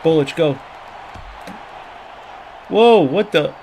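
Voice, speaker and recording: A man's voice: fairly high pitch, expressive, drawn-out words, darkish tone, some chatter behind, slight background noise. A man streaming a football video game, frustrated and trash-talking his opponents with plenty of swearing. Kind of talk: live gameplay commentary.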